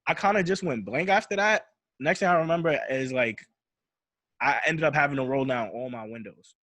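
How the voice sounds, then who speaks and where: A man's voice: mid-range voice, moderate pace, fairly bright tone, no room sound. A young man telling a personal story in casual, slangy talk, often repeating himself and restarting as he recounts it. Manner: slangy, repeats "I'm like" and restarts while retelling. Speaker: podcast host.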